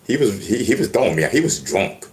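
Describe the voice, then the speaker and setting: A low-voiced man tells his stories in a lively, swooping way, stumbling over his words and starting again. The room around him rings with a noticeable echo. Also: fast. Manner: animated storytelling with many restarts and stammers. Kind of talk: casual monologue to camera. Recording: echoey room.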